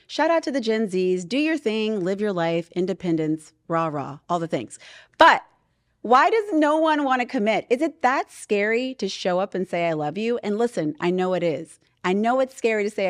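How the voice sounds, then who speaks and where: A woman in her thirties hosts her podcast from a studio, talking casually with sassy, animated storytelling. Her voice sits a little high and swoops widely up and down. The recording is close and dry. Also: dry recording. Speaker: podcast host. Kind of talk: casual chat.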